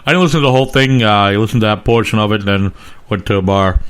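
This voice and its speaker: Boston guy on a podcast, lowish voice, blunt and crude, laughs a lot. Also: quick pace, clear, resonant tone. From near Boston, Massachusetts. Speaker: podcast co-host. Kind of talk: casual banter.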